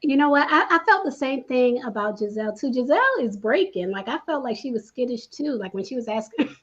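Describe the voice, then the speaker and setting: A woman's voice: sits high, animated, a little fast, highs cut off. A woman guest in a casual recap chat, talking emphatically and repeating her points. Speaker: guest commentator.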